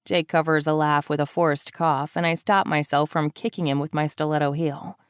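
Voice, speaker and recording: Woman narrator, lowish voice, wry and deadpan, dry close studio sound. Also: normal speed, smooth, no echo. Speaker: audiobook narrator. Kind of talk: first-person audiobook narration.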